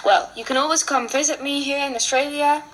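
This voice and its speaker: A woman's voice: high-pitched, steady tone, brisk, background noise. A teenage girl with a Dutch accent in a school presentation, playing someone new to a country, talking with hesitant fillers. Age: teens. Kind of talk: school presentation role-play.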